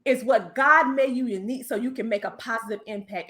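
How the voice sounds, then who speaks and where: A woman with a Southern US twang speaks on a video call as a business coach. She delivers an emphatic, preacher-like pep talk and calls her listeners honey. Her voice is bright and fairly high. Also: brisk, few pauses. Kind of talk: motivational speech in an online panel.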